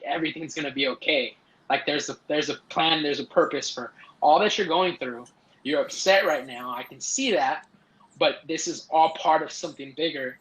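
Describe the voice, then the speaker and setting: A man's voice: a little high, a bit bright. A young man, a podcast guest, telling a personal story casually, with many fillers and restarts. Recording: echoey, dull lo-fi sound.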